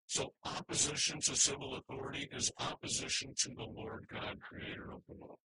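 A man's voice: mid-range voice, monotone, normal speed, sharp tone, slightly rough, no room sound, rough recording. A man preaching a sermon, earnest and emphatic, with frequent restarts as he works through scripture slides. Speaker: pastor.

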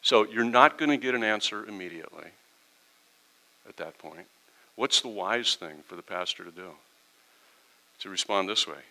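A man's voice: on the low side, lively intonation, normal speed, pauses often, pushed and bright, poor audio. A middle-aged pastor giving a conversational sermon, acting out quoted exchanges with his congregation.

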